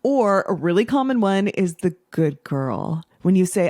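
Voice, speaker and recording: Woman podcast host, 40s, blunt and salty coaching talk, very animated pitch, dry close sound. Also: measured pace, no room sound. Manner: blunt, profane, playful. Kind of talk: casual podcast monologue.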